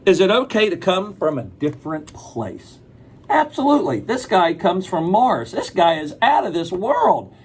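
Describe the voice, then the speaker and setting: A man's voice: high-pitched, sing-song, normal speed, slightly rough. A man reading a picture book aloud to children, chatting and asking them questions as he goes.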